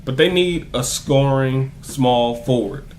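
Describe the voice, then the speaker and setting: A man's voice: medium pitch, slow pace, a little mellow, a little hiss or hum. A young man vlogging an angry, profane rant as a die-hard basketball fan, repeating himself for emphasis. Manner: heated, profane, repetitive emphasis. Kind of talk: ranting sports commentary to camera.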